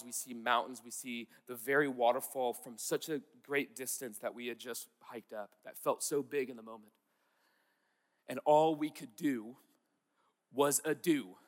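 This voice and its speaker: A man's voice: medium pitch, fairly bright tone, in a large hall. A man preaching a sermon in an earnest, conversational way, repeating key words for emphasis. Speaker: pastor.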